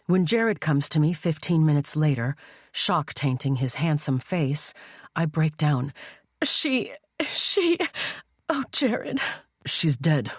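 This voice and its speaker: A woman reading a first-person thriller audiobook in a measured, tense storytelling voice. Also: deep voice, a little mellow, no room sound. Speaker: audiobook narrator. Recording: dry studio voice-over.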